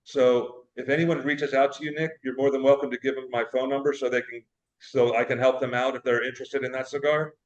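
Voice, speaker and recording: A man's voice: medium pitch, level tone, brisk, echoey room, dull audio. A man, a cigar shop owner, calling in by video, telling a rambling story and repeating himself. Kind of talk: casual chat. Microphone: video call.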